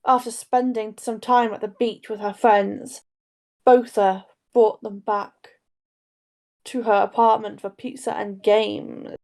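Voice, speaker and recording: With a darkish voice on the high side, a young woman co-hosting a casual true crime podcast rambles along, interrupting herself mid-story.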